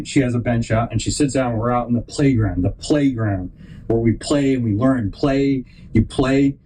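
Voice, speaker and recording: A man's voice: medium pitch, moderate pace, dark tone, a little hiss or hum, low-quality recording. A man hosting a podcast, telling a long rambling story and acting out other people's lines in put-on voices. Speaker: podcast host.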